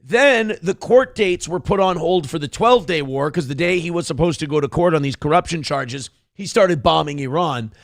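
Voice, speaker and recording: A man's voice: fairly high pitch, animated, moderate pace, gravelly, few pauses, no echo. A man hosting a show, giving sarcastic, profane political commentary in a ranting way on a close mic. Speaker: show host.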